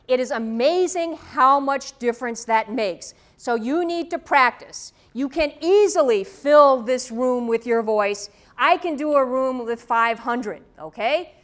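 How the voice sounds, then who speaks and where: High-voiced woman lecturing students. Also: fairly bright tone. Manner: firm, direct, frequent "okay?" check-ins. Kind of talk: classroom lecture. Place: lecture room. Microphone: microphone, tethered.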